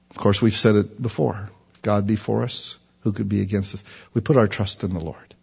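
A man preaching a sermon, animated and acting out the dialogue in character voices. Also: on the low side, moderate pace, gravelly, husky. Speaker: pastor. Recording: dull sound in a reverberant hall.

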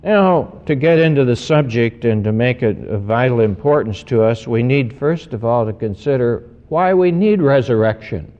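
A man, a pastor, giving an earnest sermon, slowing down to stress key words. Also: mid-range voice, animated, darkish tone. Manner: measured, earnest preaching with slowed emphasis. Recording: dull recording with long hall reverb.

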